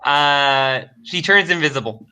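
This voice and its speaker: A man running a tabletop game as game master, unhurried and laughing often. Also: fairly high pitch, animated, pushed and bright, smooth.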